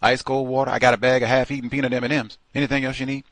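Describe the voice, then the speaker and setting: A man voicing an eager, friendly male warehouse forklift worker who talks in a rapid, ingratiating rush. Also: medium pitch, level tone, no echo, pitched above the performer's own voice, natural voice.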